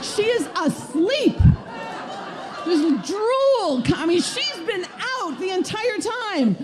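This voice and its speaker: A woman from the American Midwest, telling a self-mocking true story in a wry, animated way on the stage of a small music venue. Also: very high-pitched, takes it slowly, a crowd in the background. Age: 30s. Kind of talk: live comic storytelling.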